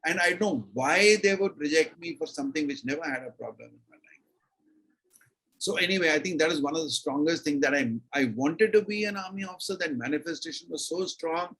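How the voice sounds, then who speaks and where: An older man with an Indian English accent tells a story as an interview guest, with a husky, slightly breathy voice pitched a bit high for a man. He speaks in an animated, emphatic way. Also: brisk, poor audio. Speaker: interview guest, retired army brigadier. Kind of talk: storytelling in a conversation.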